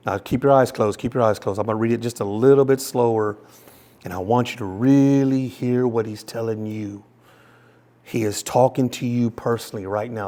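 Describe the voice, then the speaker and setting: A man preaching a sermon as pastor, impassioned, often repeating words and restarting, and reading scripture very slowly and softly. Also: mid-range voice, fairly even intonation.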